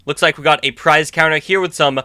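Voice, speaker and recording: A man's voice: a little high, steady tone, fairly quick, pushed and bright, clean tone. A man hosting a YouTube video, chatting enthusiastically through a trailer breakdown and thinking aloud as he goes. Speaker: YouTube host. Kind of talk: excited trailer breakdown commentary.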